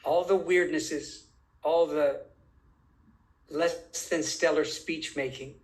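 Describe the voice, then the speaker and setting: A man guesting on a conversational interview makes his point emphatically, drawing out phrases deliberately as he poses rhetorical questions. His voice is fairly high with a steady tone, and the recording is rough.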